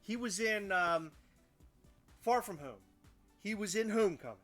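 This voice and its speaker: A man in casual livestream chat, hamming it up with goofy, over-the-top jokes. His voice swings widely up and down and has a bright, forceful edge. Faint music sits underneath. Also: high-pitched, lively intonation, unhurried. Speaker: podcast co-host.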